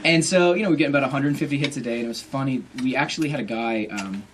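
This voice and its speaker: A man in his thirties telling a comic story to a bookstore audience, quick and laughing often, acting out the people he quotes. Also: mid-range voice, a little hiss or hum. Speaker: author giving a bookstore talk. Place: bookstore event.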